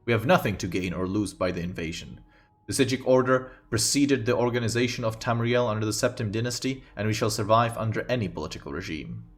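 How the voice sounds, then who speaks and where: A man voicing a proud, aloof elder of a mage order, speaking loftily in a low voice. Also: fast talker, lightly acted. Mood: lofty. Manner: proud, lofty.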